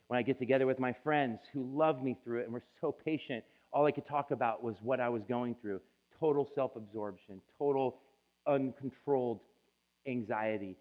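A man's voice: mid-range voice, steady tone, fairly quick. A man preaching a sermon as a pastor, telling his own story in an emotional, confessional way. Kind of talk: sermon testimony. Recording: tinny phone-like sound.

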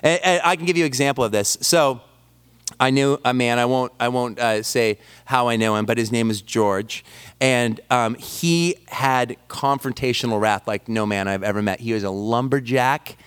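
A man delivers a sermon with a smooth, resonant voice at an ordinary middle pitch. He leans on animated personal stories and pokes fun at himself as he preaches. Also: moderate pace. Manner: animated storytelling with self-deprecating humor. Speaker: pastor.

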